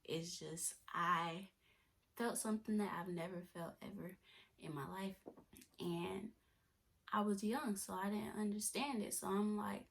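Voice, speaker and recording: A young woman, telling her own story to the camera. She talks in a soft, often near-whispered voice at a mid pitch. She is chatty and repeats and restarts her phrases. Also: fairly even intonation, a little slow, gravelly, a little hiss or hum. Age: 20s. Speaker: vlogger. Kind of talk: personal testimony vlog.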